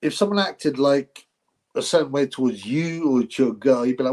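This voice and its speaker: A man's voice: mid-range voice, normal speed, darkish tone, poor audio. A man hosting a live boxing stream, chatting casually, rambling, laughing often and thanking his viewers.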